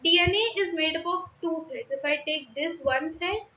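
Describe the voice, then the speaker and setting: A young Indian woman teaches biology in a slow, unhurried way, often pausing on fillers and starting sentences over. Her voice sits high and sounds bright. The recording is dull and lo-fi, with an echoey room around her. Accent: Indian English. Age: young adult. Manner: hesitant, many fillers and restarts. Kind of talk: online class explaining diagrams.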